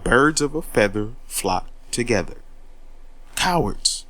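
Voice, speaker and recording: A man rants in a confrontational, profane monologue and keeps repeating words as he gets worked up. His pitch jumps widely as he talks. The sound is dry and close. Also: expressive, slow pace, fairly bright tone, dry recording. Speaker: commentary host. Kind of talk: heated monologue rant.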